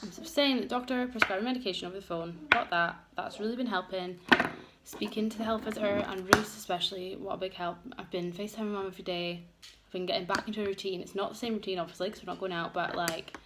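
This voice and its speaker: Speaking quickly in a steady, medium-pitched tone, a young woman rambles through an emotional, candid get-ready-with-me vlog full of fillers. Children are around her in a home room, and the household is noisy.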